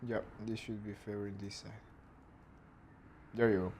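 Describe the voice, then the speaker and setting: A man's voice: on the low side, level tone, normal speed, a little mellow, slight background noise. A man, thinking aloud as he animates and mimicking a dog's barks. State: hoarse throat. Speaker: animator streaming his work. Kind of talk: casual narrated work session.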